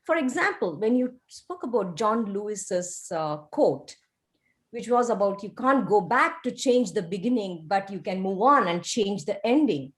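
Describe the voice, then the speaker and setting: An encouraging woman evaluates a newcomer's first speech over a video call. Her pitch sits in a normal middle range, and her delivery is measured and teacherly. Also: lively intonation. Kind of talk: speech evaluation at a club meeting.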